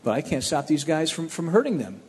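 A man's voice: fairly high pitch, brisk, husky. Man telling a story in a roomy hall. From Cleveland area. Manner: plainspoken, animated storytelling with restarts. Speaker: speaker telling his testimony. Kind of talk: personal testimony storytelling.

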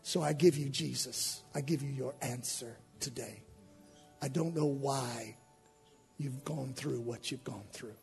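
A male pastor preaching an impassioned sermon with an altar call, swinging from hushed lines to shouted ones. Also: medium pitch, fairly even intonation, normal speed, gravelly, few pauses, faint music behind.

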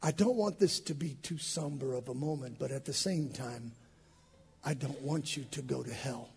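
A male pastor preaching an impassioned sermon with an altar call, swinging from hushed lines to shouted ones. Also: medium pitch, normal speed, vocal fry, slightly rough.

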